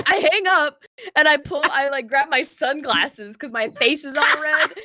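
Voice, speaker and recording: A young woman co-hosting a podcast, telling a long story in a rambling, filler-heavy, animated way. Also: high-pitched, measured pace, slight background noise. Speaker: podcast co-host. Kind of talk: casual storytelling chat.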